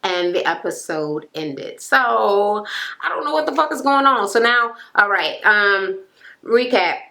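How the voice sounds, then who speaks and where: A woman's voice: medium pitch, expressive, unhurried, vocal fry, sharp tone. A woman recapping a reality TV episode in a blunt, slangy, profane casual way. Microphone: camera mic.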